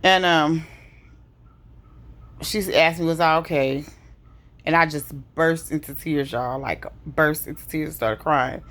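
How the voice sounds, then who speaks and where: A woman in her forties with a fairly low voice talks to her viewers. She is open and emotional, loops back over her own words and fills the gaps with casual asides. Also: fairly even intonation, slow, a bit bright. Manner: emotional, conversational, repeats herself. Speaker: vlogger. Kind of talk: personal storytelling.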